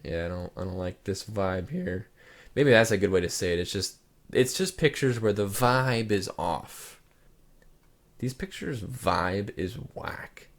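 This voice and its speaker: A man's voice: lowish voice, normal speed. A young man hosting his channel, reacting to pictures in a loose, rambling casual chat full of "like" fillers. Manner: relaxed, rambling, lots of "like" fillers. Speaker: channel host.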